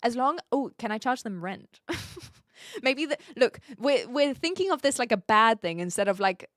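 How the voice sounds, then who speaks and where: Lively woman with a mixed Kiwi-Aussie accent. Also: on the high side, moderate pace, no room sound, studio quality. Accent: mixed New Zealand with an occasional Australian twang. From New Zealand. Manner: chatty and playful, with lively swings between a soft mumble and bright exclaiming. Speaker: streamer. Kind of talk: casual livestream chat, reading out viewer comments.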